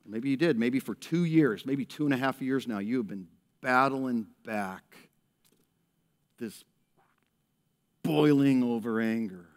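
A male pastor preaching a lively sermon to his church, acting out people in a raised voice and dropping to a hushed tone in prayer. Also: mid-range voice, measured pace, pauses often. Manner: animated, acts out characters in raised voice, drops to hushed prayer. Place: church service.

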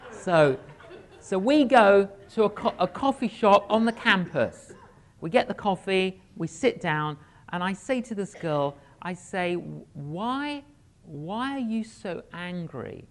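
A man preaching in a church, telling a story with humorous asides and acting out the dialogue with lively energy. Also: high voice, measured pace. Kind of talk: storytelling sermon.

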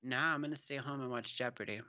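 A man co-hosting a podcast, recapping movies in animated, profane casual chat. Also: mid-range voice, fast, no echo, dull audio. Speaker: podcast co-host.

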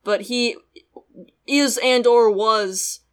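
A young woman co-hosting a casual podcast chat, talking quickly with frequent laughs and a sarcastic edge. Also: a little high, smooth. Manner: chatty, laughs often, sarcastic. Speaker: podcast co-host. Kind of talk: casual chat reviewing an anime.

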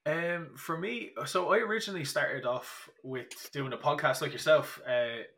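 A man's voice: on the high side, moderate pace, fairly bright tone. A young Irish man chatting as a podcast guest, telling stories with many restarts and fillers. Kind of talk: casual podcast chat.

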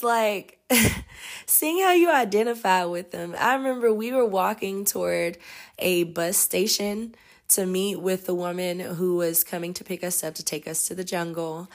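Chatty laughing woman podcaster. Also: on the low side. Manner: chatty, laughs often, animated. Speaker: podcast host and energetic healer. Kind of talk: casual storytelling.

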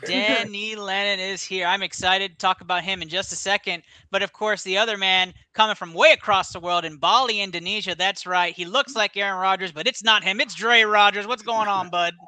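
Excitable man hosting a sports podcast. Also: high-pitched, brisk, hardly any pauses. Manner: excitable, laughing, lots of fillers. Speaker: podcast host. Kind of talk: casual sports podcast chat. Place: studio.

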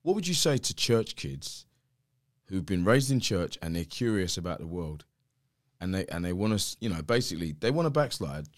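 A man, chatting and asking questions in a podcast conversation, lively and quick with his asides. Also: low voice. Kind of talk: conversational interview.

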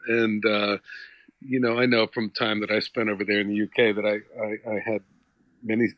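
A middle-aged actor from New Jersey, talking reflectively in a casual interview with many restarts. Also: male voice, on the low side, little pitch movement, moderate pace, no echo, muffled recording. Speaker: actor, guest.

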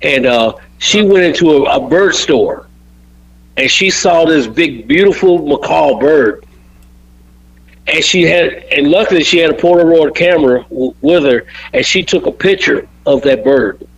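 An older man tells stories as a podcast guest, his voice sitting a little high. He rambles, restarts and repeats words. The audio is dull and lo-fi. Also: measured pace, slightly rough. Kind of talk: podcast storytelling.

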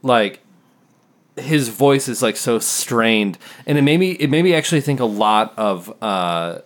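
A man's voice: medium pitch, expressive, unhurried. A man co-hosting a casual music podcast, rambling and filling his talk with "like". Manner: rambling, packed with "like" fillers. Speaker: podcast co-host.

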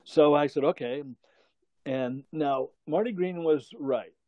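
A man's voice: a little high, slow pace, mellow, dry recording, highs cut off. An older man telling a long story in casual conversation, rambling, chuckling and correcting himself as he goes.

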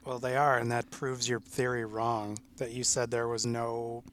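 A wry man chatting on a podcast in a mid-pitched voice. He explains his points with everyday examples. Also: flat delivery, normal speed, a bit bright, a little hiss or hum. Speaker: podcast co-host. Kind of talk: casual chat.

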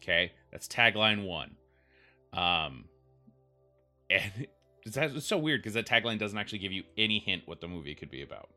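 A man's voice: fairly low pitch, animated, moderate pace, bright, forceful tone, faint music behind. A man hosting a podcast, rambling through wry, self-deprecating comedic commentary.

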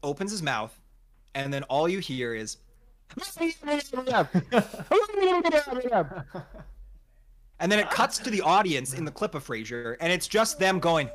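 Young guy ranting about a story, voice jumping all over, kinda high, cussing lots. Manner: animated, exasperated, swears a lot, acts out quotes. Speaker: podcast co-host telling a story. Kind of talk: casual storytelling chat.

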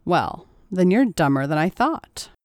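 A woman's voice: fairly low pitch, sing-song, unhurried, a little mellow, dry recording, clean studio sound. A woman doing a smug, teasing young woman. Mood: mocking. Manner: smirking, theatrical.

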